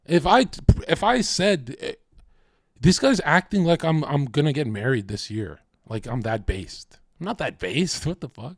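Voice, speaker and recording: A man's voice: on the high side, lively intonation, measured pace, dry recording, clean studio sound. A man livestreaming, ranting casually in a heated, profane, rambling way.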